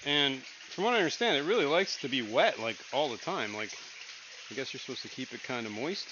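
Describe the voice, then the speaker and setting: A man's voice: medium pitch, lively intonation, brisk. Laid-back man chatting on a livestream. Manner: rambling, laid-back, lots of fillers. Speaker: livestream co-host. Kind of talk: casual livestream chat. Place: home fish room with aquariums. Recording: dull lo-fi stream audio with room noise.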